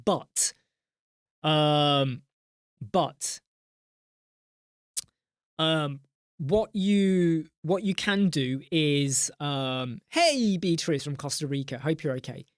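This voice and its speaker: A man with a slightly high voice hosts a casual live chat, rambling, joking, and reading out viewer names with mock exasperation. His intonation is lively, he draws out words and pauses often, and the studio sound is clean with no room sound.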